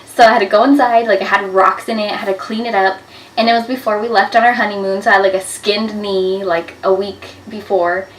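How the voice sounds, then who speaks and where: A woman in her twenties telling embarrassing stories to camera in a chatty, animated way, with lots of "like" fillers. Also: mid-range voice, a little fast. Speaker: vlogger. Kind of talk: casual storytelling to camera. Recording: echoey room, a bit far from the mic.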